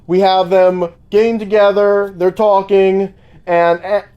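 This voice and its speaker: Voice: medium pitch, level tone, measured pace, warm tone, clean tone, muffled recording. A podcast co-host recapping a movie plot in casual chat, with some swearing.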